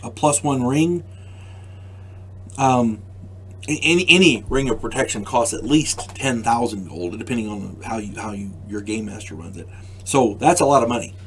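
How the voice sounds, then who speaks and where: Halting older man giving a casual explainer. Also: medium pitch, a bit bright, a little hiss or hum. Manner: halting, repeats words, wry asides. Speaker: channel host.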